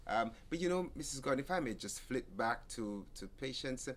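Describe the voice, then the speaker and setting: A man's voice: mid-range voice, lively intonation, brisk, a bit bright. A man, a pastor giving marriage advice in an easygoing talk-show chat, often laughing. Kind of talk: casual marriage counseling talk.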